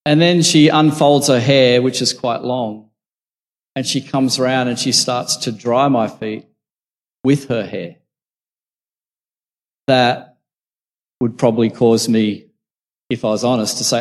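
Speaking at a normal pace with frequent pauses, this preacher has a mid-range, fairly even voice. After reading from scripture, he reflects on it like he's telling a story, and the big hall adds long reverb.

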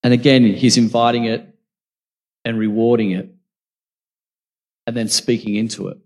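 A man's voice: mid-range voice, flat delivery, moderate pace, darkish tone. A man preaching a sermon, reading scripture and then reflecting on it in a conversational storytelling way. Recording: long reverb from a large hall.

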